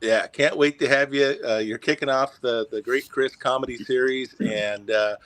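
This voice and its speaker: A man hosting a casual chat, full of praise for his guest, who fills his pauses with "uh" and "um". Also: mid-range voice, fairly even intonation, a bit bright, no echo. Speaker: host.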